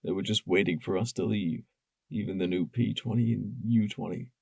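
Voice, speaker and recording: A man's voice: fairly low pitch, steady tone, moderate pace, vocal fry, breathy edge, no room sound. Man voicing a broken, whispering young stallion. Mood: broken grief. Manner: quiet, whispering, sobbing. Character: broken, guilt-ridden young stallion pony.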